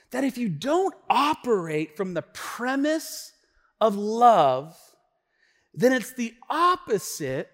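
A middle-aged male pastor preaches a sermon, telling a story and acting out the quotes with lively energy. His voice sits high for a man. It rings with the long reverb of a church hall. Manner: animated storytelling, acts out quotes. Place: church sanctuary.

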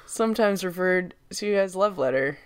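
A woman's voice: fairly low pitch, expressive, moderate pace, clean tone. A woman co-hosting a casual chat, explaining things with loose, easygoing swearing. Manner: chatty, explains fun facts, swears casually.

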